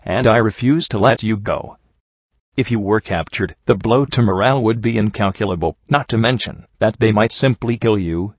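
A man's voice: fairly low pitch, moderate pace, dry recording, lo-fi sound, natural voice. A man voicing a stern, weary female pony ruler who speaks curtly and irritably. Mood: cold. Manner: curt and irritable.

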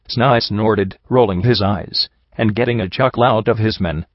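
A man narrating a first-person story in a steady, even storytelling manner. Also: on the low side, normal speed, hardly any pauses, no room sound. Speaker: audiobook narrator. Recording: dull lo-fi recording.

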